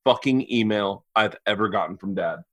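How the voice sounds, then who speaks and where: Bright-voiced man telling a profane story. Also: fairly low pitch, moderate pace, no room sound. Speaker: guest. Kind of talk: casual remote chat.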